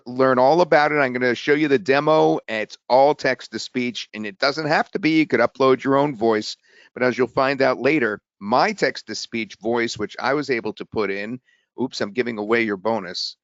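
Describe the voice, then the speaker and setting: A man hosting a live sales webinar, talking in an excitable, rambling way with restarts. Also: medium pitch, normal speed, dry recording. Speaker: webinar host. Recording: dull webinar audio.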